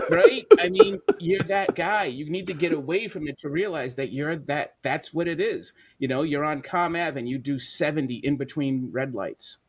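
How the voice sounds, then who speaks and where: Lively Bostonian man with a bouncing voice. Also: fairly high pitch, moderate pace. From Boston area. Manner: lively storyteller, mock-rants and laughs. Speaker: guest sports journalist. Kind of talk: casual sports chat.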